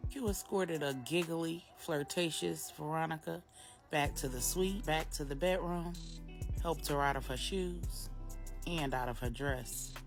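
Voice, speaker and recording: Low-voiced woman narrating a grownup bedtime story. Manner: measured, deliberate, short phrases.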